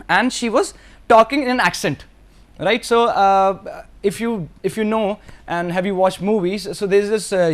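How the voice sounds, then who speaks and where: A man from Delhi lectures in Indian English, his voice sitting high for a man. He speaks earnestly and straight to his students, circling back over his points and sometimes dropping into Hindi mid-sentence. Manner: earnest, repetitive, addresses students directly, slips into Hindi. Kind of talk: recorded course lecture.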